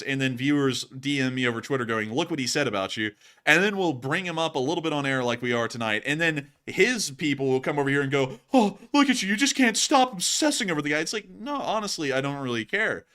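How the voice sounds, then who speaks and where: A man hosting a livestream, chatting casually and jokingly as he reads out viewer donations. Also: mid-range voice. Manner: animated and jokey, lots of fillers. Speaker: livestream host.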